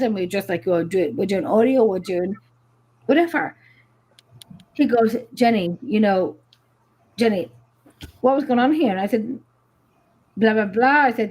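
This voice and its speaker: A woman paranormal investigator from Ireland, casually telling stories on a live show, animated and full of fillers and swearing. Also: mid-range voice, breathy edge.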